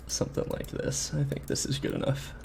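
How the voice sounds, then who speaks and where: A man's voice: a little fast, slight background noise. A man streaming his game development work, muttering casually to himself and thinking aloud as he models, chatting now and then. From Canada. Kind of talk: casual live-stream commentary while 3D modeling.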